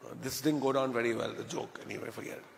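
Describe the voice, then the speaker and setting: A man's voice: medium pitch, fairly even intonation, fast, gravelly, a little hiss or hum. A man with an Indian English accent giving a chatty, joking motivational business talk to a live crowd. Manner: chatty, jokey, addresses the crowd. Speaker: business speaker. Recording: hall reverb.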